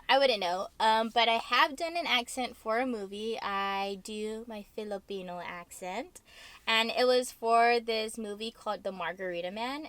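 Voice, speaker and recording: A woman's voice: medium pitch, a bit bright. A bubbly young woman who acts, co-hosting a casual chat, laughing often and using lots of fillers. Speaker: co-host, actress.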